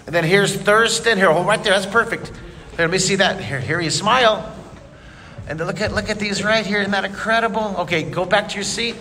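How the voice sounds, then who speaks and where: A man's voice: high-pitched, a little fast, bright, forceful tone. A man leading a live drawing lesson for children in a museum, cheering them on enthusiastically. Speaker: art teacher. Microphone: leaning close to camera. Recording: echoey hall, noisy room.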